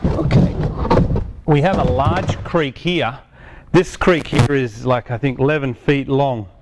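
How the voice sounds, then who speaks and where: Outdoors on a hot day, amid heavy background noise, a product presenter with a mid-range, slightly slow voice gives a casual hands-on demonstration. He chats through each step, correcting himself as he explains.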